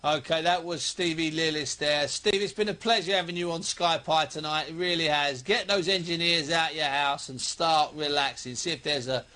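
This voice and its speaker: Man, radio boxing host, high voice, emphatic and chatty. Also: normal speed, hardly any pauses, bright, forceful tone. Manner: chatty, emphatic, reels off fight facts. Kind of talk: radio talk show hosting.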